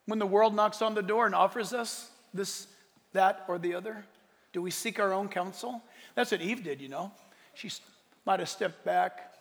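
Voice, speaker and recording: A man preaching a sermon, animated and joking, slipping into playful voices for the characters he describes. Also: high voice, moderate pace, gravelly. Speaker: pastor. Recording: hall reverb.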